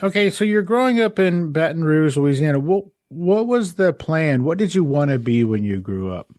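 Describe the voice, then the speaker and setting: A man's voice: a little high, big pitch swings, normal speed, a little mellow, no room sound, clean studio sound. A man hosting a podcast interview, chatting in an upbeat, jokey way and laughing often. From American South. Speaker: podcast host. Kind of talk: podcast interview, casual chat.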